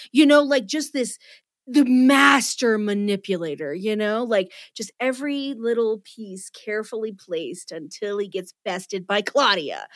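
A woman's voice: medium pitch, animated, unhurried, no room sound. A woman chats with eager, self-deprecating energy and keeps restarting her sentences as she works out her thoughts. Her voice sits in the middle range. The recording is dry and close. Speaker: podcast co-host. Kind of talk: casual chat.

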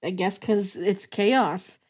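A young woman chatting casually as a podcast co-host, laughing often and acting out characters in quick bursts. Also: medium pitch, a little mellow. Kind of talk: casual chat.

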